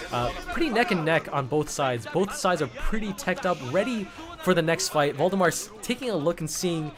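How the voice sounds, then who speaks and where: A man giving casual live commentary on a strategy game tournament, rambling and restarting words as he goes. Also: fairly high pitch. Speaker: caster. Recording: music playing behind.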